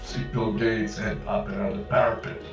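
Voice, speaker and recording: A man's voice: on the low side, flat delivery, brisk. A male guest in casual chat, joking and laughing at his own quips, recorded with a roomy echo from far off the mic, music behind.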